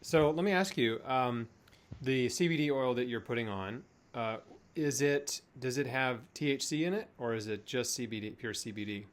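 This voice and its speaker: A man's voice: mid-range voice, normal speed. Male interviewer asking a question.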